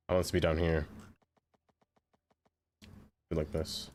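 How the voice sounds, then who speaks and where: A man's voice: a bass voice, flat delivery, slow pace, pauses often, a little mellow, slight background noise. Playful man streaming a game. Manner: chatty and playful, laughs often. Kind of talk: casual live-stream chat while gaming.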